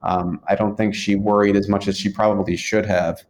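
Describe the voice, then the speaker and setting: A man's voice: on the low side, level tone, moderate pace. A man in his twenties telling his story in a rambling, casual way, with many fillers and restarts. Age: 20s. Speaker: guest.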